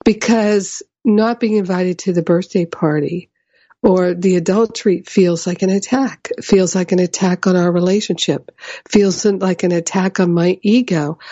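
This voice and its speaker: A woman giving a measured spiritual teaching talk, explaining ideas and often checking in with "right?". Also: mid-range voice, mellow, no room sound, highs cut off.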